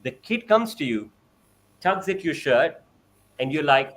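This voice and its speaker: Animated man acting out conversations. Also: a little slow. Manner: acts out parent-child exchanges in a bright high voice. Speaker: parent sharing experience.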